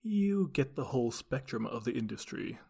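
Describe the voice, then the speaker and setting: A man's voice: medium pitch, expressive, normal speed, creaky, warm tone, slightly rough. A man co-hosting a casual podcast, teasing his co-host with dry humor.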